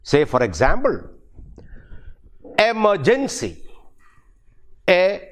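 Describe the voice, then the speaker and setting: An older man from India teaches English in a recorded university lecture. His voice sits fairly high and swings widely in pitch. He talks slowly and carefully, often spelling words out one letter at a time. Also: huge pitch swings. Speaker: English professor.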